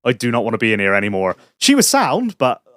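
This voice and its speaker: A man on a podcast recounts a mishap in a sweary, self-mocking way. His voice sits at a middle pitch and rises and falls a lot, and it sounds close and dry. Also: huge pitch swings, fast, a bit bright, no room sound. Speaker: podcast co-host. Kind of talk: casual storytelling chat.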